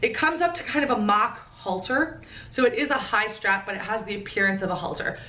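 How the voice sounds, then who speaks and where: With a mid-range voice, lively intonation and a sharp tone, this woman talks fairly quickly through a try-on haul. She's a fashion vlogger, gushing and playful, tossing in jokey asides. The mic is a bit distant, leaving a roomy echo.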